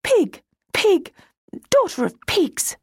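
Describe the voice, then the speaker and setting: An angry little girl spits her insults in a shrill, high voice, performed by a woman reading aloud. She sounds small, spoiled and furious. The sound is close and dry, with no room around it. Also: sing-song, slow pace, no room sound, full character voice. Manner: spitting insults.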